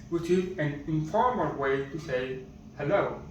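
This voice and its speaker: A man teaching a basic language lesson at a slow, patient pace and repeating each word, recorded from a distance so it sounds muffled. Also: on the high side, animated, very echoey, slight background noise. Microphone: camera or phone far from speaker.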